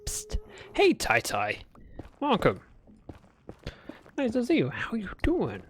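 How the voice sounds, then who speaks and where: A man's voice: sits high, wildly swooping pitch, slow, fairly bright tone, a little hiss or hum. Guy streaming a game, chatty, voice bounces up and down a lot. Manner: chatty, talks to himself and greets chat viewers. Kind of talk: casual gameplay livestream commentary.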